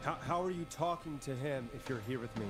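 A man's voice: mid-range voice, fairly quick, close to an everyday voice. An actor voicing a frightened male late-night radio host in a video game, blurting alarmed exclamations and rattled questions. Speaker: game character. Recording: game audio with loud music.

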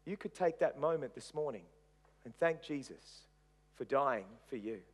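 A man preaching a sermon as pastor. He retells dramatically, swinging between loud emphasis and hushed softness. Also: mid-range voice, expressive, measured pace, husky.

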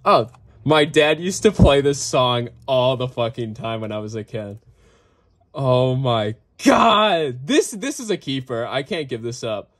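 A young man vlogging casually, excitable and swearing, breaking into off-key singing. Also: medium pitch, moderate pace. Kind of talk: casual reaction vlog.

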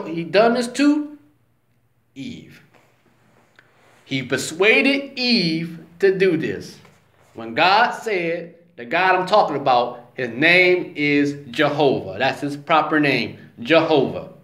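Man vlogging on scripture, high-pitched, slow and emphatic, in an echoey room. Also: sing-song, a bit bright. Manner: slow, emphatic, conversational, says "you know what I'm saying". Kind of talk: casual religious talk. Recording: roomy echo.

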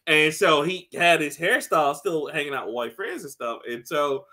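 Male podcast co-host, higher bright voice, animated casual storyteller. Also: normal speed. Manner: animated storyteller, acts out scenes, laughs often, swears. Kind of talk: casual chat, recapping a TV episode.

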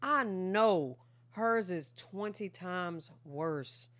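A woman hosts a reaction video in a loose, slangy chat full of laughs, her pitch swinging widely. Her tone is bright and sharp. The sound is dry and close, with no room echo. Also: very slow. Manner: animated, slangy, laughs often, talks straight to viewers. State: tired from filming late at night. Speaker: reaction channel host. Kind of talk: casual reaction commentary.

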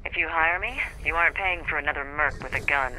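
A man voicing a seasoned veteran mercenary pitching his services confidently. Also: fast, background noise, lightly acted.

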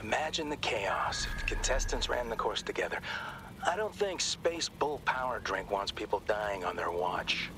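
A dry, level-headed hacker sidekick. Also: male voice, fairly low pitch, normal speed, over music. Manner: dry, teasing, calm.

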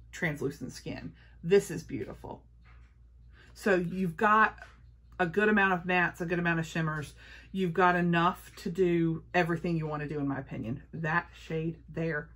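A woman vlogger chatting casually through a makeup haul, gushing and playful, sometimes dropping to a hush. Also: fairly low pitch. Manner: gushing, playful, talks to her palettes.

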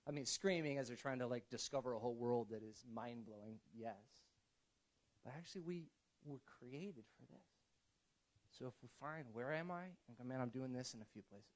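A male pastor delivering a sermon in a church, with a voice of ordinary middle pitch. He talks in a loose, conversational way, restarting his sentences often. He drops to quiet asides and then rises to emphatic points. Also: normal speed, poor audio.

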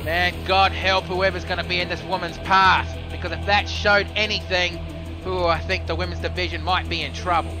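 A man giving live play-by-play commentary on a simulated wrestling show, excitable and joking, swearing casually. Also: high voice, moderate pace. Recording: music playing behind.

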